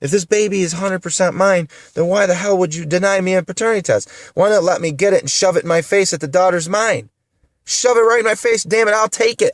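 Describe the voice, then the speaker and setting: Tearful and indignant, a man in his thirties from upstate New York keeps repeating himself as he vents in a vlog. His high-sitting voice comes through studio-clean, with no trace of the room.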